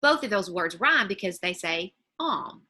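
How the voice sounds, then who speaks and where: A woman teacher explaining reading skills to parents in a patient, step-by-step way, slowing down on example words, recorded on a computer mic while sharing her screen. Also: medium pitch, very animated, bright, forceful tone, husky. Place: home or office, screen-shared video.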